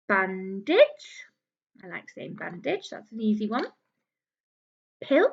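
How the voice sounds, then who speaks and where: A fairly high-voiced woman leads young children through a phonics lesson. She speaks very slowly and stretches each word out, using a gentle, encouraging sing-song tone. The recording is a bit dull and lo-fi. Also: very animated. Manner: slow, drawn-out enunciation of each word. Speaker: early years teacher.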